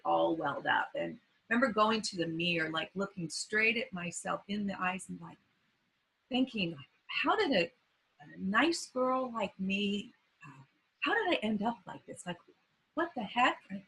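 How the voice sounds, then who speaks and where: A woman in her fifties, a podcast guest, telling an emotional personal recovery story in a halting, earnest way with many fillers. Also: medium pitch, creaky, bright, forceful tone, slightly rough, low-quality recording.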